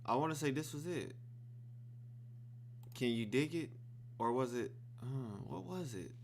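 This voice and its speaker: A man hosting a reaction video, telling the story of a film in a casual, excited, profane way. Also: medium pitch, a little slow, vocal fry, a little hiss or hum.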